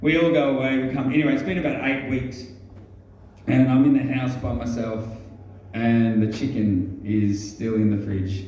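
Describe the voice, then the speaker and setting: A man with an Australian accent telling a rambling stand-up comedy story, halting often with ums and restarts and swearing freely. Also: mid-range voice, steady tone, warm tone, a little hiss or hum. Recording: very echoey room, mic far off.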